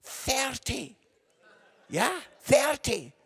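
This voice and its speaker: A middle-aged man telling comic stories in a sermon, animated and bursting into shouts, often tagging lines with "yeah?". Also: very high voice, extremely slow, gravelly, breathy edge. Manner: animated, shouting for effect, lots of tag questions. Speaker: comedian evangelist.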